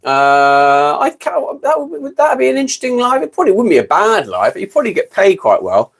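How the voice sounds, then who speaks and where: A man's voice: high voice, huge pitch swings, brisk, gravelly, breathy edge. A British man in his fifties hosting a casual livestream chat, rambling and correcting himself as he goes. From Britain. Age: 50s. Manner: rambling, self-correcting, gabbling. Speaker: livestream host.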